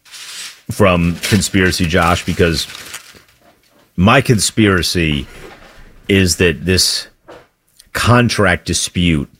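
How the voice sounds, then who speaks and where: Low-voiced male sports radio co-host. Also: slow pace, pauses often, fairly bright tone.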